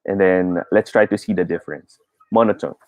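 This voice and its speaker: A man's voice: low-pitched, steady tone, brisk, darkish tone, no room sound. A male teacher with a Filipino accent running an online speech lesson, coaching learners and mixing Filipino into his English.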